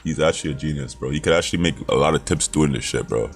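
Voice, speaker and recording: A man's voice: a bass voice, racing, music in the background. A man hosting a reaction video, blunt and profane. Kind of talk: casual reaction commentary.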